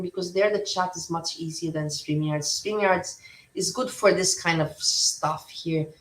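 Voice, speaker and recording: A woman's voice: medium pitch, fairly bright tone, reverberant, far from the mic, low-quality recording. A woman hosting a casual livestream chat, rambling and blunt, swearing freely. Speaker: livestream host.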